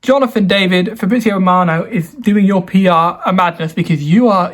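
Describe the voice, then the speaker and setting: A man's voice: high voice, a little fast, hardly any pauses, fairly bright tone. A man giving a casual, rambling football review, self-mocking and mock-solemn by turns. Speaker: football vlogger.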